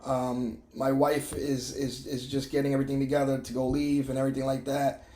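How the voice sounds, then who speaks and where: A middle-aged man sharing a personal testimony in an emotional, halting way, with many restarts and fillers. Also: mid-range voice, level tone, warm tone, roomy sound. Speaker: testimony vlogger.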